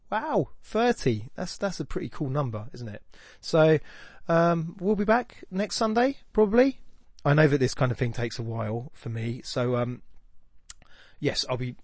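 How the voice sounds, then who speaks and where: A man's voice: medium pitch, dry recording. A man hosting a podcast, thinking aloud in a rambling, reflective way with frequent restarts. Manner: thoughtful, rambling, with many restarts. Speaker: podcast host. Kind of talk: casual reflective monologue.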